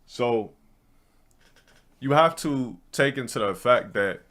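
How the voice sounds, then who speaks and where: A man's voice: medium pitch, lively intonation, slow pace, fairly bright tone. A man streaming, telling a rambling story to his chat in blunt, profane casual talk. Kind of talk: casual ranting monologue to a live chat.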